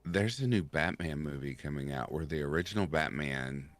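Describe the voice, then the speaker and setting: A man's voice: extremely low pitch, moderate pace, fairly bright tone. A man chatting as a guest on a casual live stream, rambling through stories and laughing at them. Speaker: podcast guest. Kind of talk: casual chat.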